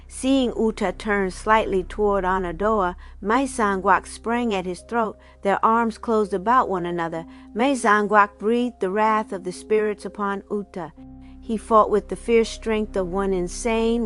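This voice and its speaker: A woman reading a folk legend aloud in a measured, dramatic narrating voice. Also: mid-range voice, fairly bright tone, soft background music. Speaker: storyteller.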